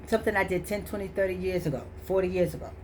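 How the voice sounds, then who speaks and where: A woman's voice: fairly low pitch, fairly even intonation, rapid-fire, slight background noise. A middle-aged woman giving a casual motivational talk, emphatic and repetitive, preaching about choices. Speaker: motivational vlogger.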